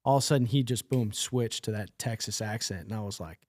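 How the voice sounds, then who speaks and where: A man's voice: lowish voice, fast talker, no echo. Man telling a sales story on a podcast. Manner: animated storyteller with laughs. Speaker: business development manager. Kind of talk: casual podcast chat.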